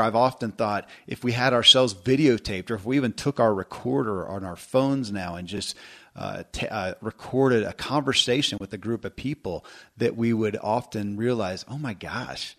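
A middle-aged man hosts a podcast, rambling in a casual, self-deprecating conversation full of restarts. His voice is medium-pitched and a bit bright.

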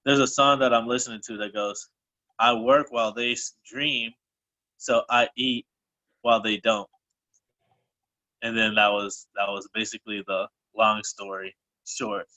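Bright-voiced, breathless man telling a story. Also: lowish voice, steady tone, unhurried, long pauses, poor audio. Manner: loose, rambling, self-correcting. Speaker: group call participant. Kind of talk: casual personal storytelling.

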